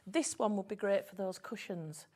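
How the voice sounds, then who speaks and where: A woman's voice: medium pitch, normal speed. Rambling Yorkshire woman on a craft show. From Yorkshire, England. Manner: warm, rambling, with restarts and laughs. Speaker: craft designer guest presenter. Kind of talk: casual on-air sales chat.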